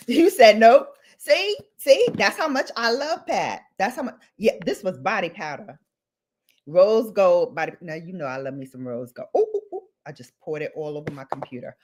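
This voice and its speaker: A woman's voice: mid-range voice, big pitch swings, a little slow, a little mellow. A woman beauty vlogger ranting in a casual, theatrical and dramatic way, with playful outbursts.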